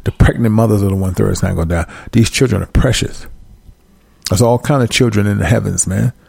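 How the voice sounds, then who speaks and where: A low, gravelly man preaches in an easygoing way, stretching each verse out slowly before dropping into quick asides. His voice is husky and rough-edged. He keeps asking his listeners whether they follow. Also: mellow, no echo. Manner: drawn-out verse reading mixed with quick asides. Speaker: scripture teacher on a livestream. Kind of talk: casual preaching while reading scripture aloud.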